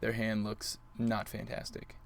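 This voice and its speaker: Here the man's voice is lowish and creaky, his delivery completely flat and unhurried, with a little hiss or hum on the audio. He still plays it playful, talking to his opponent and chat as he commentates his own card game live.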